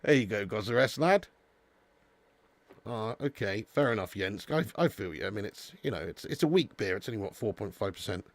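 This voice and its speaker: A man's voice: lowish voice, lively intonation, normal speed. A man hosting a live football watch-along, chatting casually with viewers and calling them mate and lad. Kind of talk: casual live-stream chat.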